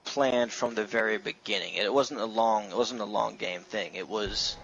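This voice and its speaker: Gravelly joking man. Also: lowish voice, steady tone, moderate pace, a bit bright, dull audio, a little hiss or hum. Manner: hesitant, tongue-in-cheek, joking. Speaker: guest with conspiracy theories. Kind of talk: casual gaming chat.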